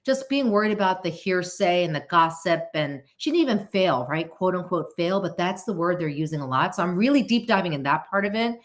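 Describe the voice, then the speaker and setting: A woman's voice: lowish voice, lively intonation, brisk, few pauses. A woman hosting a podcast in casual chat, earnest and openly emotional, rambling with restarts. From United States. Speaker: podcast host.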